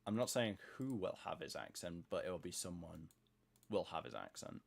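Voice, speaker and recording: Low-voiced man musing while he builds. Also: sing-song, normal speed, gravelly. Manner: rambling, talks to himself while working. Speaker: streamer building in a game. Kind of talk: casual thinking-aloud commentary.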